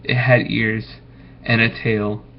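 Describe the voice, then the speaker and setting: A man reads a bedtime story to his children in an unhurried, gentle way, stopping to ask them questions. His pitch sits in the middle. The recording is dull and lo-fi, with a faint hiss. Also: flat delivery. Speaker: parent reading to children. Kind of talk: bedtime story read aloud.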